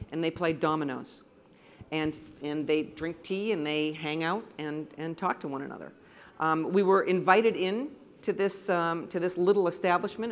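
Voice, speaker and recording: A woman from the United States, a photographer giving an enthusiastic, anecdotal slide presentation to a live audience in a room. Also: mid-range voice.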